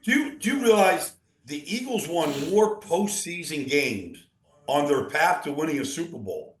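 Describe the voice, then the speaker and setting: A man's voice: fairly high pitch, normal speed. Rambling male football analyst, echoey room. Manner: rambling, animated, many restarts. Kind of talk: casual sports talk.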